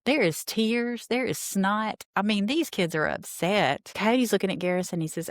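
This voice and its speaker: A woman's voice: medium pitch, moderate pace, few pauses, dry recording, studio quality. A woman hosting a podcast, recapping a reality show in a blunt, sarcastic way and swearing casually. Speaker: podcast host.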